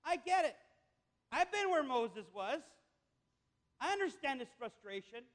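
A man's voice: very high voice, big pitch swings, unhurried. A man preaching a sermon, telling a joke as a story and building to emphatic, repeated declarations. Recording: echoey hall with long reverb.

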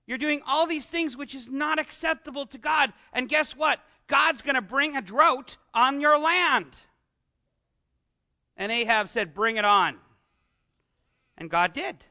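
A man preaching a conversational sermon into an amplified microphone, animated and often asking his congregation rhetorical questions. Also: very high-pitched, measured pace. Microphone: amplified microphone with some feedback.

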